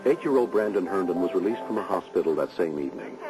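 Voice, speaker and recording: A man narrates a true rescue story. His voice sits very low and moves fast. Music plays beneath him. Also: lively intonation, poor audio. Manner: brisk, matter-of-fact. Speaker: show narrator. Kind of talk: scripted documentary narration. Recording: music underneath.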